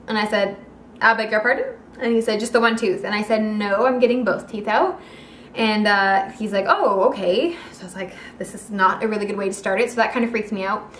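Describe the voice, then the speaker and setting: A young woman telling a personal story in a casual vlog, animated and acting out the quoted lines of the people in it. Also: mid-range voice, slight background noise. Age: young adult. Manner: animated, acts out quoted dialogue. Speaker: vlogger. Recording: echoey room.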